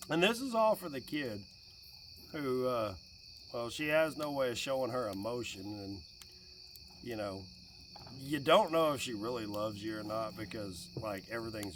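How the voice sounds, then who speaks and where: A man in his late forties chatting casually and jokingly by a campfire outdoors, getting animated when quoting his kid. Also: medium pitch, normal speed, far from the mic, slight background noise. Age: 40s. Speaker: vlogger. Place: outdoors by a fire at night with crickets.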